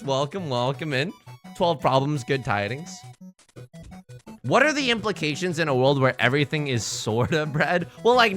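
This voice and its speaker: A young man live-streaming a tile game, bantering with chat in a rambling, jokey way and swinging between shouts and mutters. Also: a little high.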